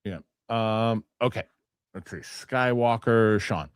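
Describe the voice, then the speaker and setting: Low-voiced middle-aged man, rambling host. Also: takes it slowly, clean tone, no room sound, studio quality. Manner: rambling, restarts and acts out others' lines. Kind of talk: casual chat.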